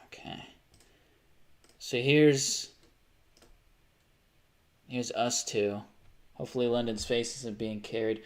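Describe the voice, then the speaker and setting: A man livestreaming in a casual chat, loose and excitable, swearing often and laughing as he reacts to pictures and messages. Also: medium pitch.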